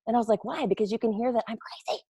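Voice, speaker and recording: A woman's voice: a little high, racing, breathy edge, dry recording, studio quality. A woman, a network marketing recruiter talking casually and animatedly to her team. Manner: chatty, animated storyteller with playful quoted voices. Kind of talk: casual webinar talk.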